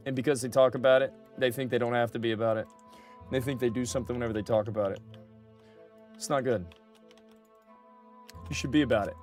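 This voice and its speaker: Chatty male streamer talking to chat. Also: medium pitch. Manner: chatty, talks back to chat, repeats himself. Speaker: livestreamer playing a game. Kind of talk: casual livestream chat.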